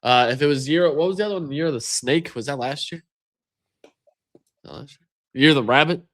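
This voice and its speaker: A man's voice: a little fast, fairly bright tone. A man co-hosting a podcast, joking with dry sarcasm in casual chat. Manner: dry sarcastic, low mumbled asides. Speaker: podcast co-host.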